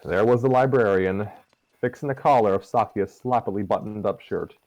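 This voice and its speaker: A man narrates a fan story in a relaxed, chatty way, trailing into fillers between lines. His voice sits on the low side. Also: brisk, dry recording, rough recording. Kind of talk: casual fan fiction narration.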